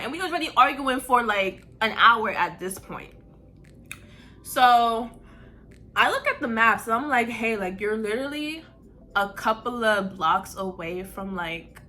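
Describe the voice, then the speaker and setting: A young woman from New York, a vlogger telling a casual storytime, animated and profane, saying "like" constantly. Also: fairly high pitch, slight background noise. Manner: animated, profane, heavy use of "like".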